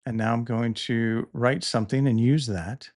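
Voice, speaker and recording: A middle-aged podcast host with an ordinary middle-pitched voice narrates a casual tutorial demonstrating tools, relaxed and easygoing. He thinks aloud at a moderate pace, correcting himself with small restarts now and then. He sits close to the mic in a dry room with no echo.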